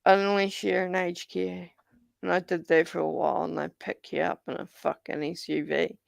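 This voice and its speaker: A man's voice: high voice, level tone, moderate pace, gravelly, no room sound. A man, chatting casually on a live panel and swearing bluntly. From New Zealand. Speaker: panel guest. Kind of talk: casual chat.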